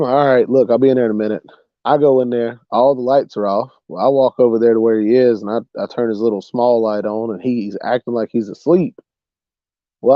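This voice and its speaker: A young man hosting a livestream, casually telling a funny story, animated and saying "bro" a lot. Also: mid-range voice, dry recording, lo-fi sound. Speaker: livestream host.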